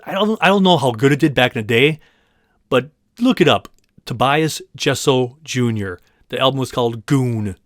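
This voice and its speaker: A man's voice: mid-range voice, no echo, clean studio sound. A man hosting a movie podcast, talking casually to his listeners, rambling a bit and stumbling over place names. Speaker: podcast host. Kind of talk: casual monologue thanking listeners.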